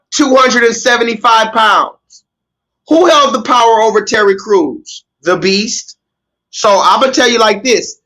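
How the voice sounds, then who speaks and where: High, bright-voiced ranting man. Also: rough recording. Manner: sarcastic, mock-pleading, profane. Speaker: live stream host. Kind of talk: livestream commentary rant.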